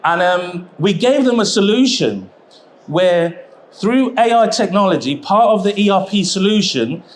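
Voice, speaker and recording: A man presenting a seminar at a trade expo, chatty and jokey, with quick asides. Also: sits high, animated, slight background noise. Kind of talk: live seminar talk. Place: exhibition hall seminar.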